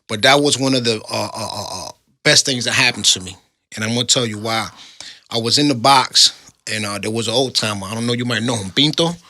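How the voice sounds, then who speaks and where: A man's voice: mid-range voice, pushed and bright, no room sound. A middle-aged man, telling the story of his time in prison in casual street slang. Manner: street slang, laid-back storytelling, rapid.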